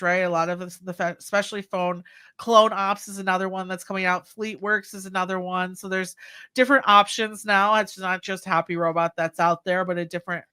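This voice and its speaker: A woman's voice: fairly low pitch, pushed and bright, clean tone. A woman telling industry stories in a casual podcast chat, with many fillers and restarts. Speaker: guest co-host.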